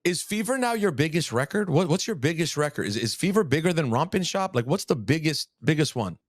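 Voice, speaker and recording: A man's voice: a little high, very animated, brisk, no echo. Rambling male podcast host, dry sound. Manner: rambling, hesitant questions with restarts. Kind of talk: casual interview chat.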